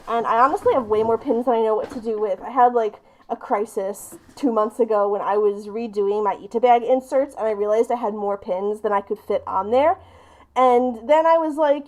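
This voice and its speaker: A woman's voice: on the high side, measured pace, a little mellow. A woman live-streaming as she opens gifts, chatting casually and gushing with delight. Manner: bubbly and gushing, often breaking into squeals and laughs.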